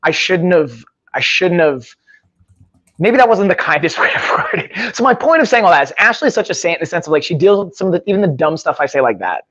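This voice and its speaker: A man's voice: high voice, lo-fi sound. A man hosting a live podcast, bantering casually with his co-host. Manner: quick, lively banter. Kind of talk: casual chat.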